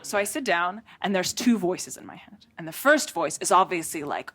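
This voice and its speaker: Onstage in a theatre before a laughing audience, this Russian-born comedian delivers sarcastic stand-up in a lowish voice at normal speed with few pauses. Her English is American-learned, and she stays lively, acting out quotes throughout while the laughter comes through clearly.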